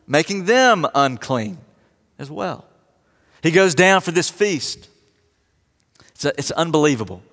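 A man preaching a sermon as pastor, retelling a story with lively humor and acting out the characters' lines. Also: fairly high pitch, unhurried, long pauses. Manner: storytelling, animated, acts out quotes in voices. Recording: long reverb of a large hall.

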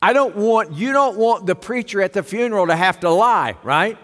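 A man's voice: sits high, lively intonation, normal speed, a bit bright. A pastor preaching a sermon, turning to his congregation with rhetorical questions. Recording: long hall reverb.

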